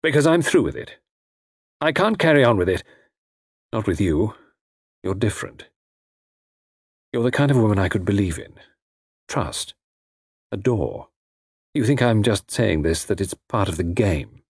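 An intense young charmer with a low, husky voice that swings widely as he pleads, as a male narrator voices him. His earnest, impassioned delivery sounds close and dry. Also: expressive, a little slow, pauses often, no echo, exaggerated voice. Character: intense young man, a charming gigolo turned remorseful.

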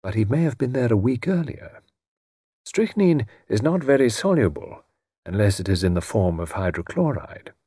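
In an audiobook, a man voices a calm, knowing gentleman with a measured delivery that rises and falls freely. His fairly low voice is slightly husky and dry, and the recording itself is dry.

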